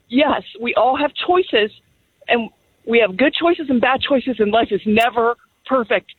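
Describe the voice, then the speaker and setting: A woman's voice: on the high side, breathy edge. Firm woman caller on a tinny phone line. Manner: firm, heartfelt, deliberate. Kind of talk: call-in radio talk.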